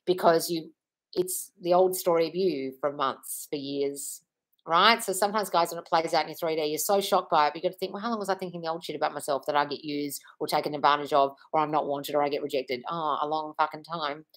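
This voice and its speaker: A young woman hosts a live-stream Q&A, reading out comments and answering with blunt, swear-laden advice. Her voice sits on the low side, and she rattles through her answers at a brisk clip, tossing out "darling" as she goes. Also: fairly even intonation, rough recording. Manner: blunt, swears freely, calls viewers darling. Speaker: livestream host.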